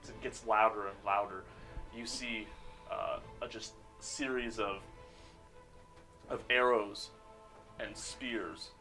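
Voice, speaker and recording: A man narrating a tabletop game as game master, unhurried and pausing for words with many fillers. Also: lowish voice, fairly even intonation, bright, forceful tone, faint music behind.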